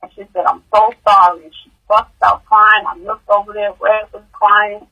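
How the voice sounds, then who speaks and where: A woman, a grieving mother, giving emotional personal testimony in an interview, halting and repeating words, her voice rising high in distress. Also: completely flat delivery, vocal fry, sharp tone, breathy edge, low-quality recording.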